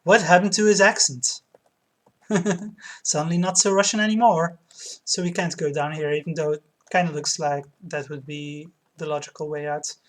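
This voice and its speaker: A woman casually commenting on a retro game as she plays it, talking slowly with frequent fillers and light laughs. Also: deep voice, steady tone. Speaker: game streamer. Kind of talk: let's play commentary.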